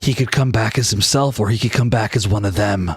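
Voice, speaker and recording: A man voicing a sinister male god of sin who gives slow, low, conspiratorial warnings in a tabletop game. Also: slightly rough, no echo, studio quality, soft background music. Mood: ominous warning.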